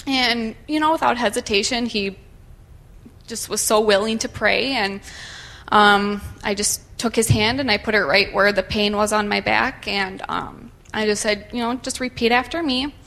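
A woman's voice: mid-range voice, moderate pace, gravelly, fairly bright tone. A woman nervously sharing a personal testimony in church, hesitant and full of fillers, with a shaky voice. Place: church sanctuary.

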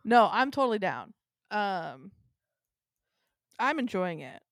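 A woman's voice: medium pitch, big pitch swings, slow, no echo, clean studio sound. A woman co-hosting a podcast in casual chat, rambling along with lots of ums and frequent laughs. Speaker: podcast co-host.

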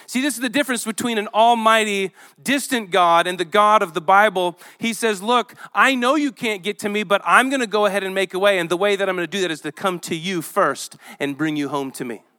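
A male pastor preaching a sermon in an animated, conversational way, reading scripture aloud to a church with children present. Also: high voice, fairly quick, hardly any pauses.

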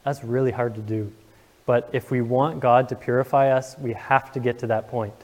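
A man's voice: mid-range voice, fairly even intonation, normal speed, long reverb tail. A young man preaching a sermon to his congregation, earnest and emotional, asking the room questions. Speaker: pastor. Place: church sanctuary.

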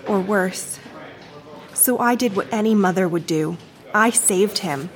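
A shaky, quiet, pleading voice of a grieving woman who has snatched a baby, as an actress plays her in an audio drama. She speaks at a middling pitch for a woman, unsteady and hushed. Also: unhurried, lightly acted. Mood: distraught confession.

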